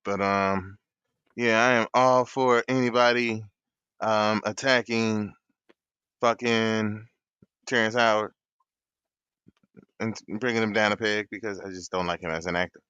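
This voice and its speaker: A man's voice: on the low side, steady tone, unhurried, pauses often, bright, forceful tone, clear, resonant tone, dry recording. Dismissive male co-host with a muffled mic. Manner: dismissive, hesitant, full of ums. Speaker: podcast co-host. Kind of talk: casual podcast banter.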